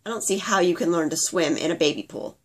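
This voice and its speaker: Speaking fast, with a fairly low, breathy-edged voice, a woman reads her own memoir of childhood. She narrates simply and earnestly in present tense, as her five-year-old self.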